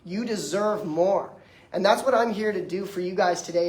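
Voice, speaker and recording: A man's voice: high-pitched, normal speed. A man in his twenties giving an emphatic, conversational motivational lecture, speaking directly to the audience in front of him. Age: 20s. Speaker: detox practitioner giving a lecture. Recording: echoey room.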